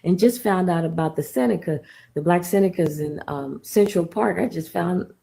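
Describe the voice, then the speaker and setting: A woman calls in to a livestream, and her voice is gravelly and low. Her tone is dark and mellow. She rambles and restarts her sentences often. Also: moderate pace, poor audio. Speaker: caller. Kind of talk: casual call-in chat.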